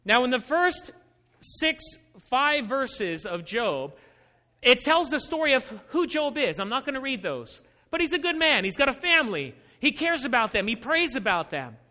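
A man with a very high, bright voice preaches a Bible-teaching sermon. He talks patiently and asks many questions, with lively swings in pitch. His words ring out under a long hall reverb. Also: normal speed.

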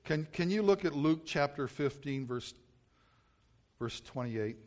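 A man's voice: a little high, lively intonation, unhurried. A middle-aged male pastor preaching a sermon, telling stories about himself and mocking himself as he goes. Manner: storytelling, self-mocking, acts out his own yelling.

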